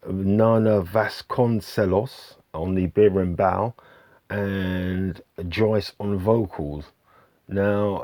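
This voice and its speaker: A man hosting his own channel, chatting casually about albums he has been playing, with lots of ums, pauses and restarts in an easygoing way. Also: low-pitched, a little mellow, no echo. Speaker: vinyl album reviewer, channel host. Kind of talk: casual album review to camera.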